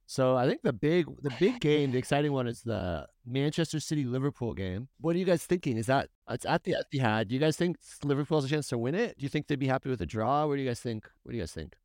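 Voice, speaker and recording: A man's voice: mid-range voice, animated, fast, few pauses, darkish tone, no room sound, clean studio sound. A man hosting a casual soccer podcast, steering the chat and putting questions to his co-hosts. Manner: leads the talk, asks the others questions. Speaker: podcast host.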